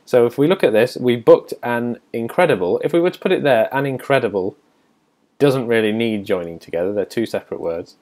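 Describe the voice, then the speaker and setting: A man talks through a grammar practice test like a teacher. He reads the questions out and then patiently explains every answer, step by step. His voice sits at a middle pitch for a man. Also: lively intonation, brisk, a little mellow. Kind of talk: test walkthrough lesson.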